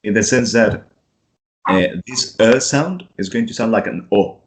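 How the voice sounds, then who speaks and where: A man from Chile, an English teacher patiently modelling vowel sounds and checking in with his student. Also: lowish voice. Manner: patient, repeats sounds slowly, keeps checking with "right?". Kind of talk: pronunciation lesson.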